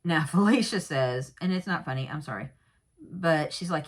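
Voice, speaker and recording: A woman's voice: low voice, expressive, normal speed, breathy edge. A woman casually recapping a true crime episode in a rambling way, with many fillers and asides and candid personal comments.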